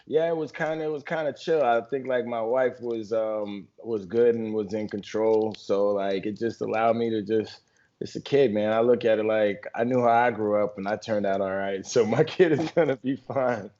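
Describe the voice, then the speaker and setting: A man's voice: fairly low pitch, steady tone, moderate pace, mellow, lo-fi sound. A man co-hosting a podcast, talking in a loose, laid-back, slangy way. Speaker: podcast co-host. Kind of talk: casual chat.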